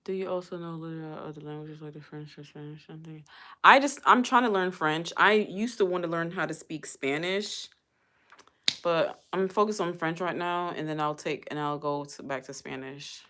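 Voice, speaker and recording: A woman's voice: deep voice, normal speed, pushed and bright. A middle-aged woman chatting casually on a live stream, musing aloud and drifting from topic to topic. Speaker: vlogger.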